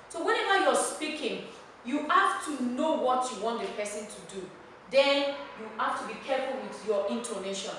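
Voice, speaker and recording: Woman with a Nigerian accent, teacher, high voice, emphatic, repeats words, very echoey classroom, far from the mic. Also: lively intonation, moderate pace, a bit bright, slight background noise. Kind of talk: classroom lesson.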